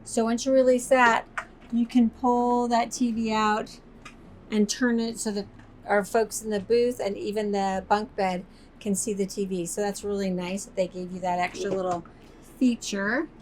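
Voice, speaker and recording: Brief: cheerful woman at mid pitch touring a motorhome, faint noise behind. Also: fairly even intonation, normal speed. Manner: upbeat, enthusiastic, chatty presenter. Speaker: RV sales expert giving a tour. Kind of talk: walk-through product tour. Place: inside a motorhome.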